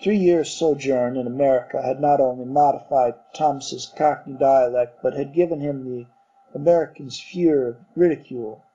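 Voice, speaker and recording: A man narrating a literary story in a measured reading voice. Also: mid-range voice, mellow, slightly rough. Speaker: audiobook narrator. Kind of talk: scripted narration. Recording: dull muffled recording.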